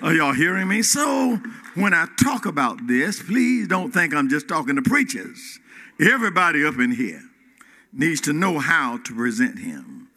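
A man preaching a sermon in a church, swinging between loud rises and quiet drops and calling out to the congregation. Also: fairly high pitch, sing-song, a little slow. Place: church hall. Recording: reverberant hall.

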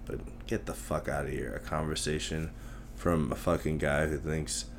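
A man's voice: very deep voice, slight background noise. A man from Tamil Nadu, India, hosting a solo podcast, ranting bluntly with lots of swearing and self-mockery. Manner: self-mocking, emphatic repetition. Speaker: podcast host.

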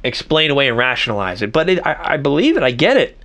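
A man's voice: medium pitch, very animated, fast, a bit bright. A middle-aged man hosting a solo podcast, rambling and self-reflective, with many restarts. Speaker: podcast host. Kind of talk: casual solo podcast monologue.

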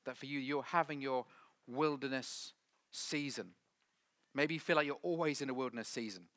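A middle-aged man preaches a sermon, his voice bright and ringing. He builds to loud, emphatic lines, then drops to hushed, almost whispered words. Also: medium pitch, no echo. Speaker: pastor.

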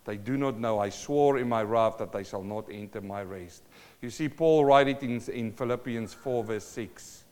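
A man's voice: on the low side, normal speed, darkish tone. Man preaching in an echoey hall. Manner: emphatic, calls out to the congregation. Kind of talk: sermon.

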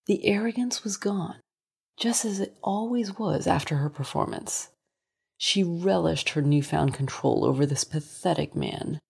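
A woman narrating a short story in a measured, deliberate scripted reading. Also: low voice, creaky, darkish tone, slightly rough.

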